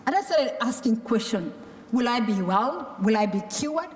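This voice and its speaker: A woman's voice: a little high, animated, normal speed. A woman from a Maasai community giving a personal testimony as a tuberculosis survivor, telling her story and acting out what the doctors and her mother said. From Kenya or Tanzania, Maasai community. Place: large conference hall. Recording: echoey large conference hall.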